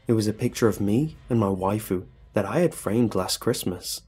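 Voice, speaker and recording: A man's voice: on the low side, animated, moderate pace, warm tone, husky. A man narrating a comedic horror story in the first person, with dry comic asides. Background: faint music.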